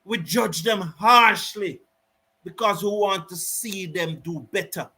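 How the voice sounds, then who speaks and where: Male cricket commentator, high and bright, indignant and emphatic, repeats his points. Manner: indignant, repetitive, emphatic, sometimes shouting. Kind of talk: live fan commentary and rant.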